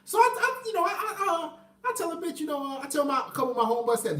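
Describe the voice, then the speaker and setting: A man tells a story casually, cursing freely and jumping from loud outbursts to low mutters. His pitch swoops widely. He sits away from the mic in a room with a roomy echo. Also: racing, recorded from a distance. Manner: animated and profane, swinging between loud outbursts and low mutters. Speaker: vlogger telling a personal story.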